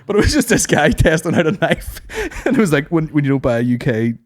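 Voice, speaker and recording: A man's voice: on the high side, very animated, fairly quick. A man hosting a podcast, telling stories in casual, sweary banter and laughing often. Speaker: podcast host. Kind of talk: casual banter, comic storytelling.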